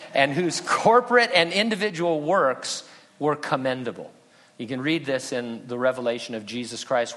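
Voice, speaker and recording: A man's voice: mid-range voice, fairly bright tone. A male pastor preaching an earnest, conversational sermon with touches of humor. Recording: long reverb in a hall.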